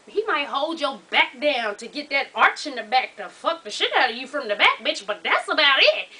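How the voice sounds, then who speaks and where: Sassy high-voiced woman gossiping. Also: very animated, normal speed. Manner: sassy, loud laughs, quotes people in put-on voices. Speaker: reality show recap vlogger. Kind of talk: casual profane gossip recap.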